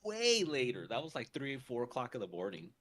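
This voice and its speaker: A man's voice: medium pitch, huge pitch swings, a little fast, fairly bright tone. A man co-hosting a podcast, telling a story in casual chat with lots of fillers and restarts. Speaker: podcast co-host.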